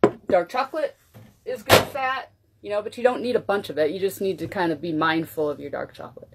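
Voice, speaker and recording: A woman with a slightly low voice talks to her viewers in a loose, chatty way while she fixes her morning coffee. She moves around as she works, so her voice drifts closer and farther from the mic. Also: quick pace, slight background noise. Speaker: wellness vlogger. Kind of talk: casual cooking demo chat.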